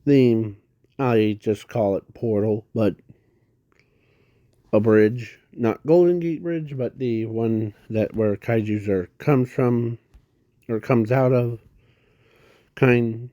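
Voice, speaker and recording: A man improvising a casual fan story, halting and rambling with constant restarts and self-corrections. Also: on the low side, steady tone, warm tone, no room sound, lo-fi sound.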